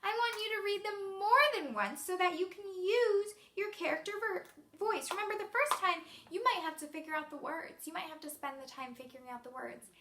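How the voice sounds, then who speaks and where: A woman teacher talks encouragingly to young students in a remote reading lesson. Her voice is high and bright and moves around a lot. The room gives it an echo. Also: fairly quick, hardly any pauses, a little hiss or hum.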